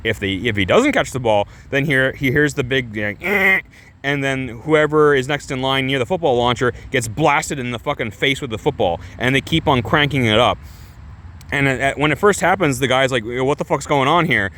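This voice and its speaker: A man's voice: medium pitch, brisk, fairly bright tone. A young adult man casually reviewing a movie, rambling with restarts, constant filler words and swearing.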